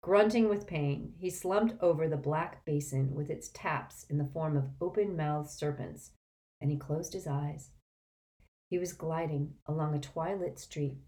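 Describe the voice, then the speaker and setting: A woman narrating an audiobook in an expressive, dramatic way. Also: low-pitched, a little slow. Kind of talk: scripted narration.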